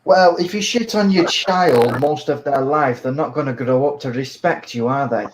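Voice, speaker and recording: A man's voice: medium pitch, moderate pace, slight background noise, poor audio. A man calling into a live stream, arguing in a pompous, formal manner. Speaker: caller. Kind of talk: heated live-stream argument.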